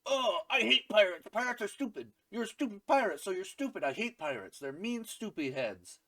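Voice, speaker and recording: A man's voice: high-pitched, sing-song, moderate pace, pushed and bright, voice pushed up, full character voice. A man voicing a whiny, mocking young woman pirate in a childish, sneering tone.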